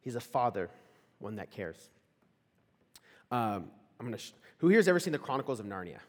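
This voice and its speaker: A man's voice: medium pitch, sing-song, fairly quick. A young man giving a casual storytelling sermon to a live audience, chatty and full of "like" fillers and questions to the room. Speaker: campus ministry speaker. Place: large hall before a live audience. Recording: echoey hall.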